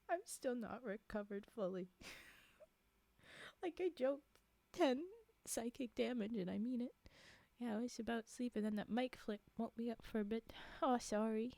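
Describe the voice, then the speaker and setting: A woman's voice: on the high side, measured pace, pauses often, warm tone, no room sound. A woman streaming live from a home setup on a desk microphone, chatting casually, giggling often and poking fun at herself. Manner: giggly, rambling, self-mocking.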